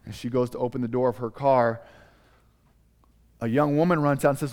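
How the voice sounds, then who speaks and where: A male preacher telling a story sermon in an animated, dramatic way. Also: mid-range voice, brisk, long pauses, big-room sound.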